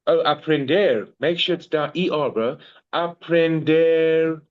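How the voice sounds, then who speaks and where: South African man, Spanish tutor, slangy and lively, calls students bro, slightly muffled recording. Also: a little high, moderate pace. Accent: South African English. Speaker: Spanish teacher. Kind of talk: casual one-on-one tutoring.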